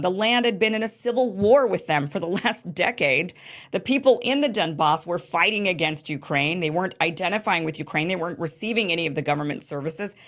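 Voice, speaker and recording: A woman from the United States hosts her own commentary show, talking with a slightly low pitch. She argues in an impassioned, emphatic way, pressing each point with indignation. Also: animated, a little fast. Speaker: show host. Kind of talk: political commentary monologue.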